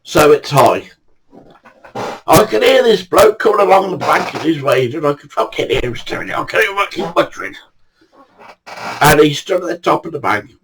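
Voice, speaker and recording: A man's voice: on the high side, very animated, moderate pace, pauses often, a bit bright, slight background noise, low-quality recording. An older man, casually telling anecdotes in a blunt way, swearing freely. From England. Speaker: storyteller.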